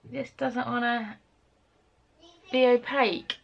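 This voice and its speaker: A woman's voice: on the high side, steady tone, vocal fry, muffled recording. A tired British woman vlogging at home, rambling chattily through her to-do list on a camera mic. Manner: chatty, rambling, quick asides. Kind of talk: casual chat to camera. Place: home, indoors.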